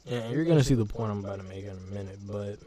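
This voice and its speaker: A man's voice: fairly low pitch, fast talker, mellow. A young man in casual reaction commentary, talking loosely in slang and often trailing off and restarting his sentences. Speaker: reaction streamer.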